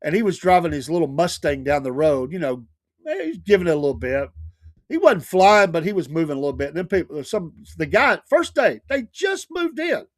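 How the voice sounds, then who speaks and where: A man's voice: a little high, very animated, a little fast, no echo, clean studio sound. Chuckling man host spinning stories. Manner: laughs often while telling stories. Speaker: radio show host. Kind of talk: casual storytelling chat.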